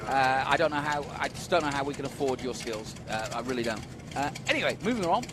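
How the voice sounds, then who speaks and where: A man's voice: medium pitch, lively intonation, fast talker, noisy background. A man commenting live on a motor race, chatty and enthusiastic, with friendly asides about the cars. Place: outdoors at a race track.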